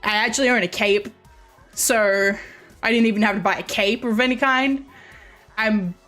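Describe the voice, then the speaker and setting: A woman with a light Australian accent chats casually to her stream viewers. She rambles, often restarting and correcting herself mid-sentence, at a mid pitch. Faint music plays behind her. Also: moderate pace, fairly bright tone.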